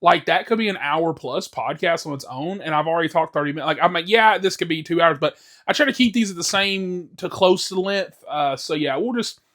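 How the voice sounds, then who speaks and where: A man's voice: on the high side, brisk, fairly bright tone. A young man hosting a casual solo podcast, rambling with many fillers, restarts and frequent swearing. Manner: rambling, filler-heavy, swears freely, self-interrupting. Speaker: podcast host.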